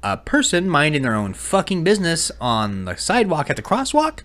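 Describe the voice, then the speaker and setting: A young adult man co-hosting a podcast, telling crude stories loudly and breaking into yelled impressions. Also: a little high, brisk. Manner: loud, animated storytelling with yelled impressions. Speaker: podcast co-host. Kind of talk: casual crude chat.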